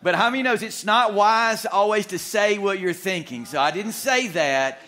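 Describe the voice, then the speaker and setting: A male pastor telling a humorous story in a sermon, animated and full of restarts. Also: sits high, moderate pace. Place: church sanctuary.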